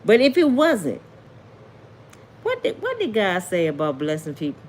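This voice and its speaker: A woman's voice: mid-range voice, wildly swooping pitch, normal speed. A woman rants in a casual commentary, preachy and indignant. She keeps asking rhetorical questions in loose, everyday speech. A faint hiss of noise sits under her voice. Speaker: commentary vlogger.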